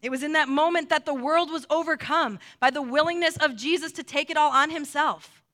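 Woman preaching, earnest, fairly high bright voice, goes soft n slow on the quotes. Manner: earnest, quotes scripture softly and slowly. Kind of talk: sermon.

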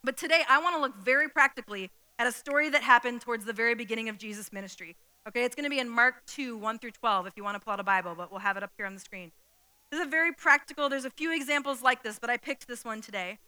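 A woman's voice: on the high side, quick pace, bright, forceful tone, rough recording. A woman preaching a sermon in a conversational teaching style, often checking in with her listeners. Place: church hall with a screen.

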